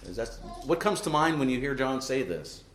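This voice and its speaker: A man's voice: mid-range voice, big pitch swings, moderate pace, reverberant, background noise. A man delivering a sermon as pastor, earnest and preaching, often tossing in rhetorical "right?" asides to the congregation.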